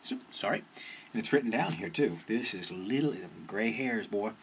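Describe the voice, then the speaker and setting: Rambling low-voiced man telling a story. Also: animated, normal speed, low-quality recording. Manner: rambling, self-interrupting, with fillers and restarts. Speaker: personal development speaker. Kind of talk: casual storytelling monologue. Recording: faint background noise.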